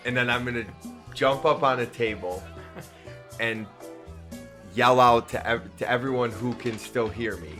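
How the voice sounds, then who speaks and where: Casting: male player, animated pitch, scheming tone, music clearly under. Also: unhurried, long pauses. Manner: lively, scheming, trailing off. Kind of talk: casual tabletop game chat.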